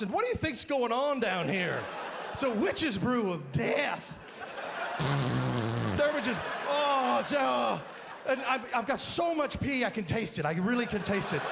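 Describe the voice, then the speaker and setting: A man doing a stand-up comedy routine on a live stage, loud and exaggerated, often shouting his punchlines. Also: very high-pitched, gravelly. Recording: live stage mic, crowd laughter and noise. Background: audience laughing.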